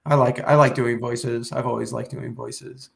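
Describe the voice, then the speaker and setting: A man's voice: medium pitch, fairly even intonation, moderate pace, creaky. A man, a comedian guest, chatting casually on a podcast and rambling through restarts and some swearing.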